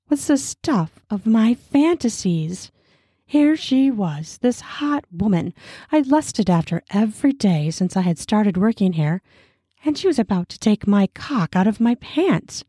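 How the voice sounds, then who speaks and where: A woman reading an erotic story aloud, slow and sensual. Her voice is mellow and breathy, a little low, close and dry. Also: dry recording.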